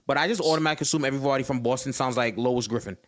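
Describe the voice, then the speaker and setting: A man's voice: mid-range voice, racing. A man co-hosting a podcast in casual chat, argumentative and profane. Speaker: podcast co-host.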